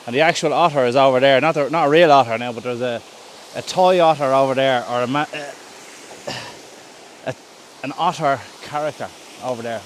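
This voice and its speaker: An Irish podcast host telling a story casually while walking outdoors in the woods, filming himself and often correcting himself. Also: male voice, mid-range voice, normal speed, slight background noise. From Ireland. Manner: chatty, rambling, self-correcting. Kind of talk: casual storytelling on a woodland walk. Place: outdoor woodland walk. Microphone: self-held camera while walking.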